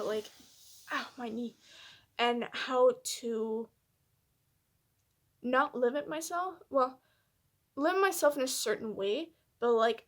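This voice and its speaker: Hesitant woman with a higher voice. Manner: hesitant and soft-spoken, many fillers and restarts; candid, self-reflective. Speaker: vlogger. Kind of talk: personal reflective vlog.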